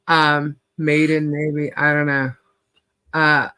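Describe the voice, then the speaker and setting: Woman livestream host, slow easygoing delivery, chatty, laughs a lot, slightly worn voice. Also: low voice, little pitch movement, sharp tone, clear, resonant tone. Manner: greets viewers by name, laughs often. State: losing her voice. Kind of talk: casual livestream chat.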